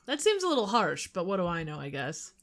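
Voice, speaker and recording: A woman guesting on a casual comedy podcast, firing off quick quips and laughing often. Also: fairly low pitch, huge pitch swings, a bit bright.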